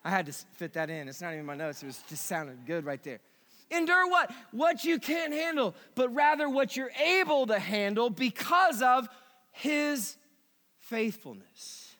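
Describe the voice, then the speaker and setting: A middle-aged man preaching a sermon as pastor, animated and quick, dropping to a hush and rising to emphatic peaks. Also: very high-pitched, long reverb tail.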